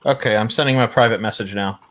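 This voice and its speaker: A man's voice: fairly low pitch, very fast, a bit bright, a little hiss or hum. A man as a guest in a casual group chat, helpful and a bit hesitant.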